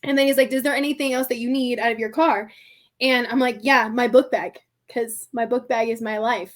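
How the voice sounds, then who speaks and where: A woman guest on a podcast telling a story in casual conversation. She is animated, laughs often, acts out the people in it and keeps saying "like". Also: a little high, a little fast. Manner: chatty, heavy use of "like" and "I'm like".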